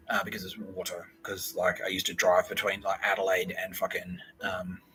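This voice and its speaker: A man's voice: on the low side, sharp tone, a little hiss or hum, rough recording. Swearing man telling a rambling story. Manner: casual, swears a lot, acts out quotes in quick asides. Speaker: podcast host.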